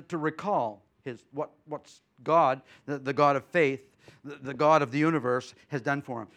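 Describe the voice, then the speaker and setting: A middle-aged man preaching as a guest pastor, telling folksy stories and moving between loud preaching and quiet, chatty asides. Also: sits high. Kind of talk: sermon.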